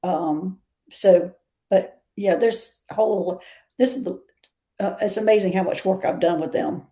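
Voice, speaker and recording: A Southern US woman with a lowish, dark voice speaks at a measured pace as an interview guest. She chats casually and tells stories, laughing often.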